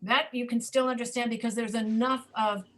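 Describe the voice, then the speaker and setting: A woman's voice: on the high side, fairly even intonation, normal speed, fairly bright tone. A woman teaching a pronunciation class over a video call, demonstrating reduced speech and often checking that students understand.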